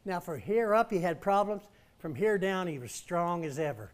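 High-voiced man preaching a story sermon. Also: lively intonation, normal speed. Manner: emphatic, calls the congregation to respond. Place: church.

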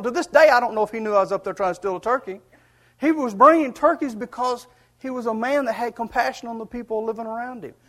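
A man preaches a sermon, easing into it with a folksy personal story. His voice sits high for a man, and his delivery is earnest and conversational, dotted with chuckles. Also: fairly bright tone.

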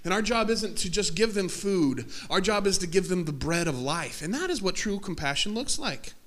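A man giving a lively workshop talk at a campus ministry event, energetic and joking, laughing often. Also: high-pitched, normal speed.

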